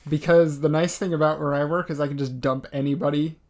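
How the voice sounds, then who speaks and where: A young man co-hosting a casual podcast, chatting in a relaxed, halting way. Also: a little high. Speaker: podcast co-host. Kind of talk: casual chat.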